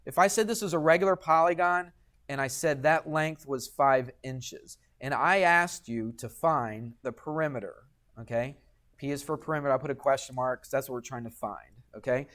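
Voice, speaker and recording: A man's voice: medium pitch, moderate pace, fairly bright tone. A man teaching a geometry lesson in a classroom, patient and chatty, often checking in with the students. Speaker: high school math teacher.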